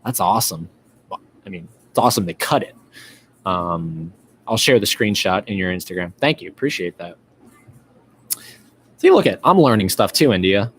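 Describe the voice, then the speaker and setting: A man with a fairly low voice hosts a casual live stream, talking in loose, rambling runs full of fillers and restarts. A faint noise sits under the recording. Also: animated, moderate pace, long pauses, fairly bright tone. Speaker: podcast host. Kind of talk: live-stream chat reading viewer comments.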